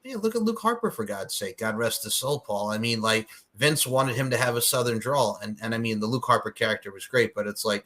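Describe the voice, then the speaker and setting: A man hosting a wrestling podcast in casual chat, animated and profane, recalling things like a longtime fan. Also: medium pitch, fairly quick. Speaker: podcast host.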